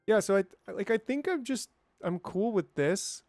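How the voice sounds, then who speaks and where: A man's voice: high voice, lively intonation, normal speed, a little mellow, dry recording, faint music behind. A man streaming a game, chatting casually and thinking aloud, with playful sound effects. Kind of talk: casual gameplay livestream chat.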